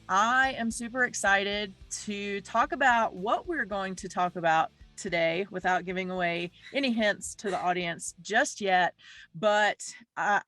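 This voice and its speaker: A woman's voice: medium pitch, bright, forceful tone, dry recording. A woman hosts a podcast interview, chatty and given to small restarts. Her voice is dry and close, with faint music behind her. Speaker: podcast host.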